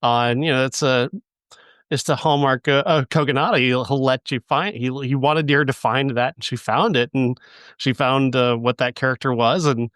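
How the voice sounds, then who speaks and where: A man co-hosting a movie review podcast, thinking aloud in a halting way, with many restarts. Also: medium pitch, steady tone, fairly bright tone, dry recording, clean studio sound. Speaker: podcast co-host. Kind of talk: casual movie review chat.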